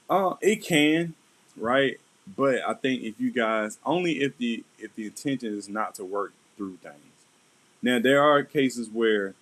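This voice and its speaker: A man's voice: on the low side, poor audio. A middle-aged man, talking through marriage advice in a loose, conversational way and often checking in with "right?". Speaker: vlog host. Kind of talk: casual advice talk.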